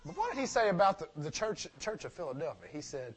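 A high-pitched male preacher delivering a sermon. He leans hard on his main points, then drops to soft, near-mumbled asides, and fires off rhetorical questions only to answer them himself. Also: sing-song, quick pace. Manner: swings from loud emphatic preaching to quiet asides.

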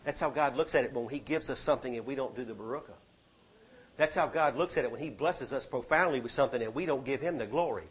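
A man preaching a sermon, exhorting the congregation and rising to loud peaks. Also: high-pitched. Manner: exhorting, swings to shouting peaks.

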